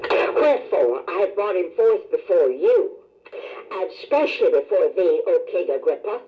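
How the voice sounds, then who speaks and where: A woman reading scripture aloud in a measured, formal way, calling out verse numbers. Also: lowish voice, very animated, muffled recording. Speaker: scripture reader.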